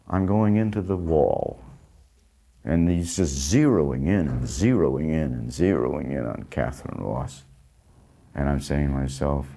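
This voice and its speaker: A man's voice: extremely low pitch, creaky, mellow. An older man telling a story about his past, rambling and breaking off mid-sentence with small chuckles. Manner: rambling, self-interrupting, chuckling. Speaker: actor recalling a film. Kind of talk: anecdotal storytelling.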